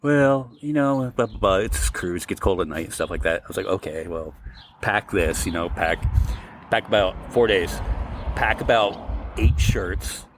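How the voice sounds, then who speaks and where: A man's voice: sits low, normal speed, slight background noise. A man co-hosting a podcast, telling a long, rambling story casually and acting out the quoted lines. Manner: rambling, animated retelling with quoted dialogue. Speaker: podcast co-host.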